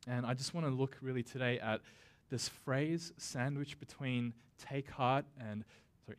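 Man, pastor, sermon, casual and conversational, middle pitch, dramatic slow emphasis on quotes. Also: steady tone. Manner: casual and conversational, with self-deprecating asides.

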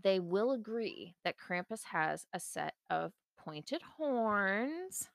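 A woman co-hosting a casual podcast tells a story at an unhurried pace, with a pitch that rises and falls a lot. She teases and giggles her way through, recorded close on a dry mic. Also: sing-song, gravelly, no room sound. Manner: giggly, teasing, slow-spoken. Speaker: podcast co-host.

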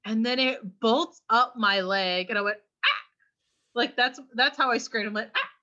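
Young woman, podcast co-host, chatty storytelling, bright tone, muffled lo-fi recording. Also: on the high side, moderate pace. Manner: chatty storyteller, acts out quotes with squeals. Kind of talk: casual podcast chat. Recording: dull lo-fi sound.

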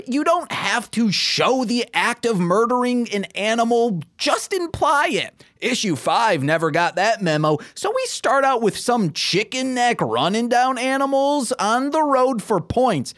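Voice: mid-range voice, very animated, normal speed, few pauses, fairly bright tone. A podcast co-host chatting about comics in a jokey way, reading prepared recaps. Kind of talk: casual chat about comics.

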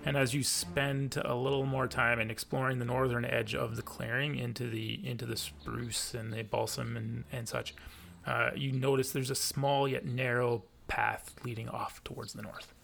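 A man narrating a tabletop game as game master, halting with fillers and restarts. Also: mid-range voice, little pitch movement, creaky, a bit bright.

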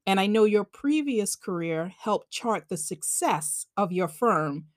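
A woman's voice: mid-range voice, animated, unhurried, no room sound, studio quality. A woman with a Long Island accent hosting a podcast in an upbeat, chatty way. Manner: bubbly, enthusiastic, chatty. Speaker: podcast host. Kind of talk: casual podcast chat.

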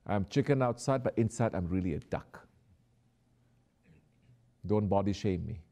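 A man's voice: lowish voice, measured pace, warm tone. A man voicing a chicken who insists it is really a duck, in a mocking, indignant way.

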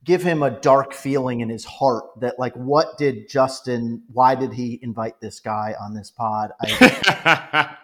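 A man's voice: medium pitch, slow pace. Chatty man ranking favorite films. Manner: animated, joking, retells film scenes. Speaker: podcast guest. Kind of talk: casual movie podcast chat.

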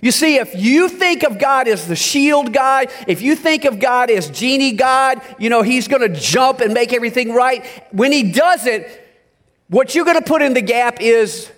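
A man preaching a sermon as pastor. He speaks emphatically, swings from soft asides to near-shouts, and talks straight to his congregation, telling them what to write down. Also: very high-pitched, lively intonation, normal speed. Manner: addresses the congregation directly, asking them to take notes.

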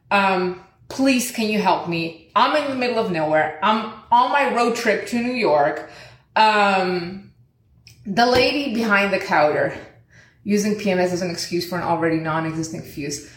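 A woman's voice: medium pitch, reverberant. A woman telling a story to her followers in casual, profane talk and acting out what other people said. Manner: profane, animated, acts out other people's lines. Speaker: vlogger.

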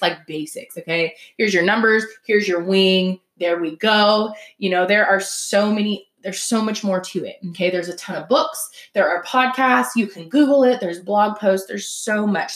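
A woman in her thirties hosting a casual solo podcast, chatty and animated, acting out quotes from friends. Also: mid-range voice. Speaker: podcast host. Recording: roomy echo.

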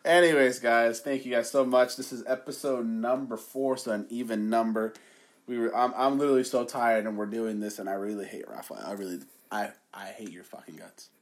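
A young man co-hosting a casual podcast, loud and joking, swearing and quick to laugh, recorded on a phone. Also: medium pitch, fairly even intonation. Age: young adult. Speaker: podcast co-host. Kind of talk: casual chat.

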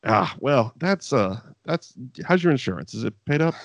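A man recaps old wrestling shows in loose, swearing chat, laughing as he rambles. His pitch swings widely from low mutters to high yelps. The sound is dry and close. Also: big pitch swings, moderate pace, dry recording. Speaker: podcast co-host.

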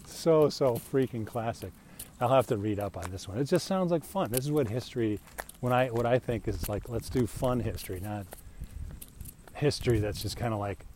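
A man's voice: medium pitch, normal speed, mellow, slight background noise. A middle-aged American man telling a rambling, chatty story in a casual monologue, laughing often. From United States.

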